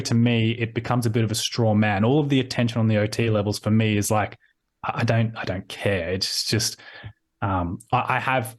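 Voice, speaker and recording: A man with an Australian accent, a guest in a casual interview, talking in a rambling way with lots of restarts, heard over a video call. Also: fairly low pitch.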